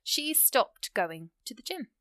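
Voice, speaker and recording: A woman teaching an English grammar lesson, explaining rules step by step and reading out example sentences slowly. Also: a little high, very animated, sharp tone, no echo.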